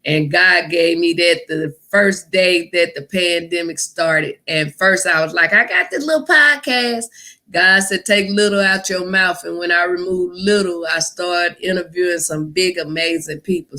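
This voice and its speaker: A woman comedian from Arkansas, a guest telling jokes and stories in a lively way and laughing often on a casual podcast. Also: fairly low pitch, normal speed, hardly any pauses, poor audio.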